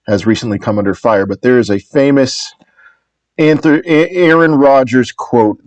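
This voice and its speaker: A man's voice: fairly low pitch, a little mellow, dry recording. Man giving rambling upbeat market talk, dry sound. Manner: rambling, with frequent restarts and self-corrections; upbeat and reassuring. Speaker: crypto market commentator. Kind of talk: casual video commentary.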